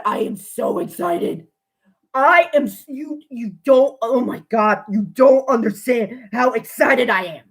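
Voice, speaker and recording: Excitable, foul-mouthed woman reviewer. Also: on the high side, measured pace. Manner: excitable, profane, bursts into gushing shouts. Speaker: wrestling show reviewer. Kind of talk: casual spoken review.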